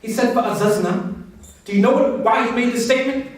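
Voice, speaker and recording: A man's voice: very high-pitched, racing, far from the mic. Passionate man in an echoey hall. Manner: passionate, conversational, addresses audience directly. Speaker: speaker. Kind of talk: motivational religious talk.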